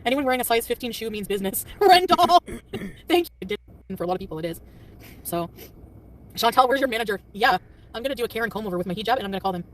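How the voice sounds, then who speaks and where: A woman chatting on a casual livestream, quick and defensive, often laughing and snapping back at commenters. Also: medium pitch. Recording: distant mic with faint traffic noise.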